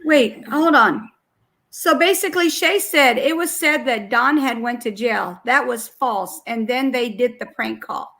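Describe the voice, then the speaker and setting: Woman reacting to a call recording, blunt and unimpressed, a bit high, fry in her voice. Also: unhurried, few pauses, sharp tone. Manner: blunt, incredulous, talks back to the recording. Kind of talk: casual reaction commentary.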